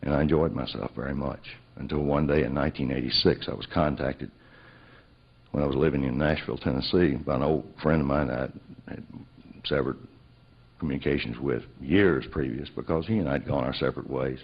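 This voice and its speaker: A man's voice: rumbling low, steady tone, a little fast, creaky, slightly rough. A man telling a personal story, acting out both sides of remembered conversations. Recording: dull lo-fi recording.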